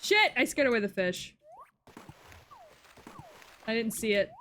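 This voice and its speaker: A woman's voice: a little high, measured pace, slight background noise. A young woman streaming a farming game, chatting casually, swearing freely and singing to herself. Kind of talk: casual gameplay commentary.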